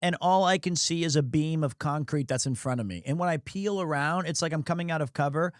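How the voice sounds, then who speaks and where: A man's voice: a little high, fairly quick, no room sound, clean studio sound. A man streaming casual, joking sports commentary, rambling and crude with self-mocking asides. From United States.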